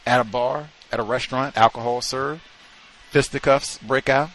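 A man's voice: medium pitch, fairly even intonation, normal speed, a bit bright, slight background noise. A man hosting a talk show, speaking off the cuff in a conversational way, with slang and fillers. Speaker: radio talk show host. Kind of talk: unscripted talk monologue.

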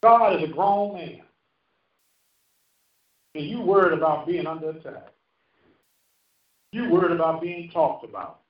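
A man in his fifties preaching a sermon with call-and-response, rising and falling for emphasis. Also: high voice. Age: 50s. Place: church sanctuary. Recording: roomy muffled church recording from a distance.

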